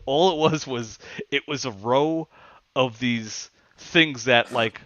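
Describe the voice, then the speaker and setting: A man's voice: medium pitch, slow, fairly bright tone, dry recording, dull audio. A man hosting a podcast, telling rambling, crude stories with frequent laughter. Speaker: podcast host. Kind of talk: casual chat.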